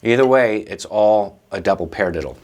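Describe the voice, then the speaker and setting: Patient low-voiced man teaching drums. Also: fairly quick, noisy background. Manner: patient and encouraging, counts stickings aloud. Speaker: drum teacher and show host. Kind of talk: instructional talk to camera.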